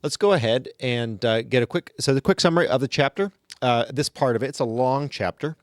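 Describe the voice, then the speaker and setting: A man's voice: mid-range voice, fairly quick, no room sound, clean studio sound. A man hosting a casual book discussion, talking through a chapter conversationally. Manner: conversational, with frequent restarts and fillers. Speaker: podcast host leading a book discussion.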